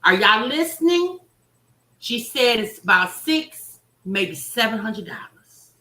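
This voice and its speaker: A woman's voice: fairly high pitch, very animated, takes it slowly, sharp tone, echoey room. A woman hosting a reaction livestream, chatting and teasing, talking straight to her viewers. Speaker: reaction channel host. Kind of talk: casual livestream commentary.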